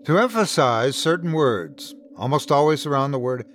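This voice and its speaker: A man hosting and narrating a scripted horror story in the first person, with lively shifts in tone. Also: medium pitch, normal speed, a little hiss or hum. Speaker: host and narrator.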